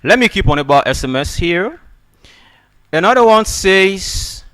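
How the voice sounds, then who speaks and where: A man teaches English on the radio in an emphatic, preaching way. His voice is bright and forceful and sits a little high for a man. He ends almost every sentence with "okay?" and pushes his points by getting louder. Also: expressive, measured pace. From Democratic Republic of Congo.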